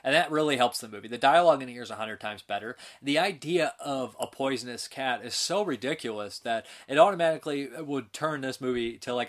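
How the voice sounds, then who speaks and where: A man's voice: mid-range voice, fairly bright tone. A man hosting a casual film review show, talking in a rambling, enthusiastic way with restarts and laughs.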